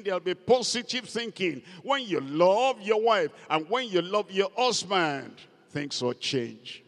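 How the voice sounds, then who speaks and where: A man preaching a sermon as pastor, emphatic and repeating key words for stress. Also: high voice. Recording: long hall reverb.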